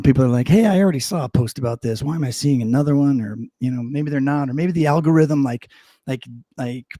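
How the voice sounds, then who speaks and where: A middle-aged man co-hosting a live stream, talking in a loose, rambling way full of ums and restarts, sometimes putting on a playful news-anchor voice. His voice sits a little high but sounds mellow and dark. The sound is dry and close, with no room around it. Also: no echo. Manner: rambling, many fillers and restarts; mock news-anchor delivery for headlines. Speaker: co-host of a live show. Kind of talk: casual live-stream chat.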